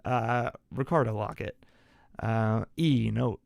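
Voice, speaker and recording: A man with a gravelly yet smooth, resonant voice hosts a casual solo sports podcast. He rambles through a how-to explanation, gesturing and correcting himself mid-thought. The sound is dry and close, with no room echo. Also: fairly low pitch, takes it slowly, a little mellow. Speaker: podcast host.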